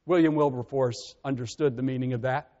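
A man preaching a sermon as pastor, earnest and measured, often letting his voice sink softly at the ends of phrases. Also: medium pitch, steady tone. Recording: muffled with long reverb.

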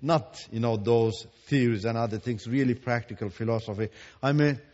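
A man from Iran, giving his testimony as a Christian teacher. He talks emphatically and repeats words for stress, moving between hushed and loud. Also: mid-range voice, moderate pace. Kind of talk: preached testimony. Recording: echoey hall, dull lo-fi sound.

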